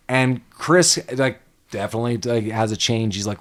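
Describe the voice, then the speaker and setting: Male podcast host, casual, animated recap, acts out characters. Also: medium pitch, moderate pace. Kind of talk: casual movie recap chat.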